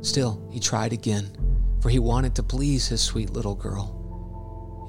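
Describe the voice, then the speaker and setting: A man reading a devotional story and scripture in a measured, solemn way. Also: medium pitch, fairly even intonation, creaky, over music. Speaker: narrator.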